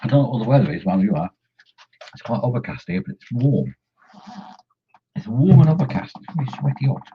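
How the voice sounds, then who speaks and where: A man rambles casually while painting miniatures, humming and mumbling to himself as he goes. His medium-pitched voice is expressive and fast, with slight background noise in a dull lo-fi recording.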